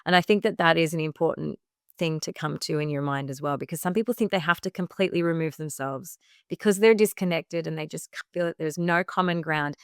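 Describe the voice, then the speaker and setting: A woman's voice: low-pitched, fairly quick, clean tone, no echo, studio quality. A woman podcast guest, a women's health coach, telling her personal story in earnest and acting out what she once said, with many "like" fillers. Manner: earnest, acts out her own past remarks in quotes; frequent "like" fillers.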